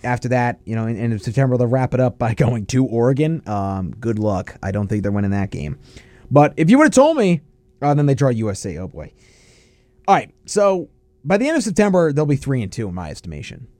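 Lively-voiced man talking college football. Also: mid-range voice, dry recording. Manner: lively, animated analysis with quick asides. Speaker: college football show host. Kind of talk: casual sports talk.

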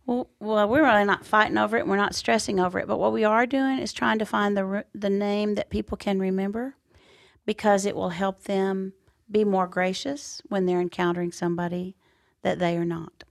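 A woman co-hosting a podcast, speaking in a gentle, unhurried and wry way. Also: mid-range voice, fairly even intonation, creaky, dry recording, studio quality. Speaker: podcast co-host. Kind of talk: casual podcast chat.

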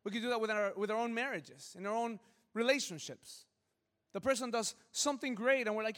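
A fairly high-voiced man preaching a lively sermon in a church, joking with his congregation and slipping into quick quoted voices. His voice rings with a long reverb through the hall. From Southern California. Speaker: pastor. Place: church sanctuary.

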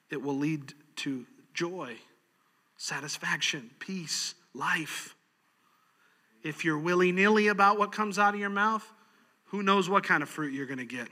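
High-voiced, bright-toned preacher. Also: male voice, long reverb tail. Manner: folksy, practical, laughs easily. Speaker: pastor. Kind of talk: sermon.

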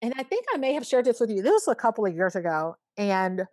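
A woman's voice: mid-range voice, sing-song, fast, a little mellow. A woman in her thirties speaks earnestly and reflectively as a guest in a casual conversation. Her thoughts come in short bursts, often strung together with "you know". The sound is close and dry, with no room echo. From Alabama, USA. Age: 30s. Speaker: podcast guest.

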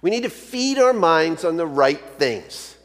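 A man's voice: on the high side, sing-song, a little slow. A male pastor preaching a sermon in a conversational, storytelling way. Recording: long hall reverb.

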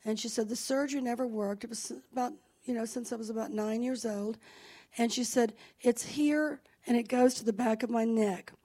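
A woman's voice: fairly high pitch, fairly even intonation, moderate pace. A woman pastor telling a healing testimony to a church congregation. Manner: warm storytelling, quoting others, enthusiastic.

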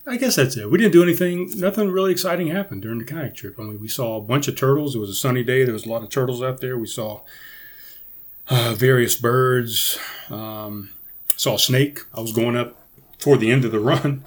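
A man in a mid-range voice hosts a casual solo podcast. He rambles, restarts his sentences and swears freely, talking close to a podcast microphone. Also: medium pitch. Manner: rambling and profane, with many restarts. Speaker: podcast host.

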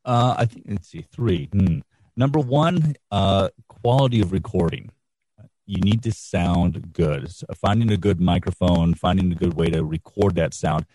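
A middle-aged man speaking as an interview guest, relaxed and explanatory, on a quality studio microphone. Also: low-pitched, moderate pace, dry recording. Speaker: guest, radio instructor and podcast producer. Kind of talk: casual interview answers.

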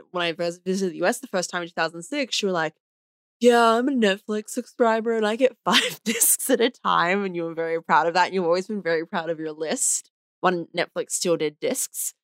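A woman's voice: lowish voice, fairly even intonation, brisk, a bit bright, no echo, clean studio sound. A woman in her thirties from Australia, chatting casually on a podcast and laughing often. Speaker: podcast guest, host's wife. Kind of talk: casual chat.

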